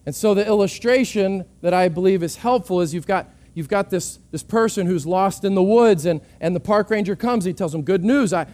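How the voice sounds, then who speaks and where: Earnest male pastor, higher voice, sermon delivery, repeats words on restarts. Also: brisk, few pauses, a little mellow.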